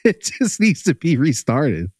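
Lively, teasing male podcast host. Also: on the high side, unhurried, breathy edge, no echo. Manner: teasing, laughs often, profane. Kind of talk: casual sports chat.

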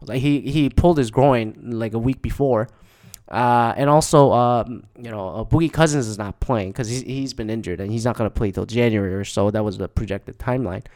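A man's voice: mid-range voice, a little fast, a little mellow. A man casually recounting games he went to, rambling and swearing, with lots of fillers. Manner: profane, rambling, with frequent fillers.

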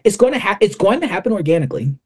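A man's voice: high-pitched, sing-song, rapid-fire, husky. Candid man guest telling stories. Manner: candid, storytelling, salty language. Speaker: podcast guest. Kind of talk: casual interview chat.

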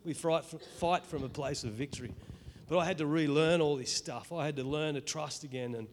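A middle-aged Australian man with a voice on the high side gives an earnest, emotional testimony in church, halting and restarting as he goes.

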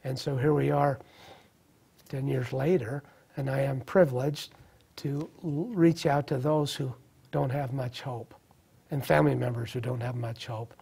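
A man's voice: mid-range voice, fairly even intonation, measured pace, vocal fry, warm tone, slightly rough. A man in his thirties sharing a personal recovery testimony in an interview, earnest and reflective, often restarting his sentences. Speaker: guest sharing recovery story.

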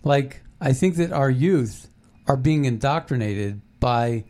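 A man's voice: mid-range voice, animated, takes it slowly, a little mellow. A man co-hosting a casual commentary chat, rambling with many fillers and restarts. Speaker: podcast co-host.

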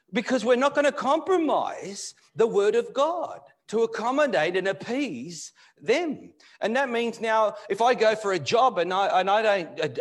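Male pastor, fairly high voice, preaching live in a church with forceful peaks and hushed asides. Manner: impassioned, swinging between loud emphatic bursts and low, quiet asides. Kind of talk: live sermon. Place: church hall.

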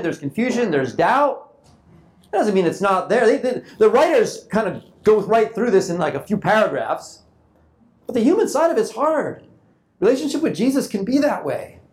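A man's voice: high-pitched, sing-song, normal speed, a little mellow. A man preaching a sermon in a loose, conversational way, often repeating and restarting his phrases. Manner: informal, repeats and restarts phrases, acts out quoted thoughts. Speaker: pastor.

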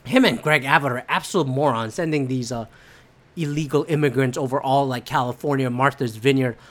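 A woman's voice: a bass voice, brisk. Profane, ranting woman podcast host. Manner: profane, blunt and opinionated; rambling with many fillers and restarts. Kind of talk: solo political commentary rant.

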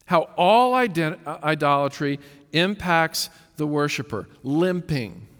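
A man's voice: on the high side, animated, unhurried, fairly bright tone, long reverb tail. A man preaching a sermon, emphatic and full of rhetorical questions, often repeating words as he builds his point. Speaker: pastor.

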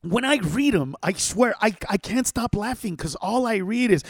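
A man's voice: high-pitched, normal speed, few pauses, husky, no room sound, clean studio sound. A man who is a stand-up comedian, ranting in casual podcast chat, full of swearing. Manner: profane, animated ranting.

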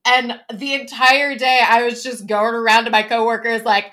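A woman's voice: fairly high pitch, moderate pace. A young woman co-hosting a casual podcast chat, telling stories with lots of laughter and swearing. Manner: animated, laughing storyteller who swears. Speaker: podcast co-host.

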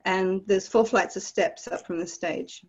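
A woman from Australia with an Australian accent, telling stories from her past as a guest in an interview with animated, vivid detail. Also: medium pitch, unhurried, breathy edge, lo-fi sound. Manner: animated, vivid storytelling with laughs. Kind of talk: storytelling in a podcast interview.

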